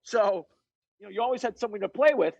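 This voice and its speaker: A fairly high-pitched man in his fifties with a husky edge, talking over a video call. He tells stories bluntly and with lots of swearing, and the recording is dry and close. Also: rapid-fire, no room sound, lo-fi sound. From North Shore of Boston, USA. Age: 50s. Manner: profane, animated and blunt. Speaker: podcast guest, fitness coach. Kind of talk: casual storytelling chat.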